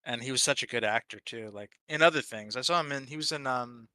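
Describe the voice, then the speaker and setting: A man with a bright, mid-pitched voice chatting on a hobby stream. He rambles casually, fills gaps with "um" and "like", and stops to hunt for names mid-sentence. The recording is dry and close-miked. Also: fairly quick, dry recording. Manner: rambling, many fillers, blanks on names. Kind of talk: casual chat.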